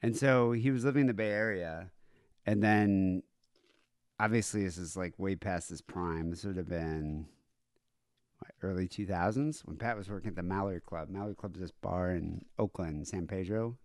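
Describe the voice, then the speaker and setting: A man's voice: lowish voice, dry recording, studio quality. A man calling in, telling a story in a loose, rambling, profane way. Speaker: caller. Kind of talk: casual storytelling.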